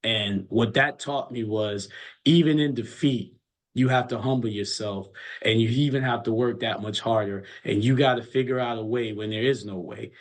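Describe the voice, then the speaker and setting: A man's voice: medium pitch, normal speed. A middle-aged man, a college basketball coach, telling stories in an earnest, motivational way in casual chat.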